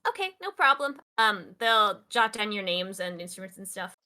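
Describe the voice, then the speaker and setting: A woman's voice: mid-range voice, big pitch swings, normal speed, sharp tone. A woman narrating a tabletop game as game master, casual, with many fillers.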